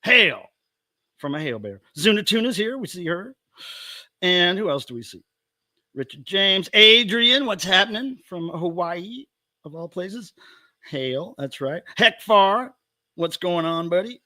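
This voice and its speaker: A man's voice: sits high, lively intonation, unhurried, pushed and bright, no echo, studio quality. A man hosting a casual livestream from home, playfully greeting viewers one by one. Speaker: livestream host.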